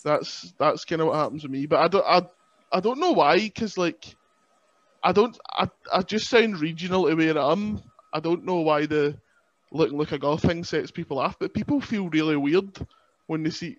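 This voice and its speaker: A young Scottish man chats on his podcast in a fairly high voice, joking at his own expense. The recording is dull and lo-fi with a very dry sound. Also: moderate pace, dry recording. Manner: chatty, self-mocking, laughs often. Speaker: podcast host. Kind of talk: casual chat.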